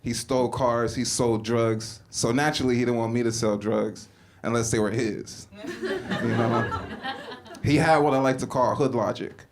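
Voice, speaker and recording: A man's voice: medium pitch, normal speed. Stand-up comic from Compton, laid-back, laughs through his bits; noisy club recording. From Compton, California. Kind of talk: stand-up comedy set. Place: comedy club, indoors.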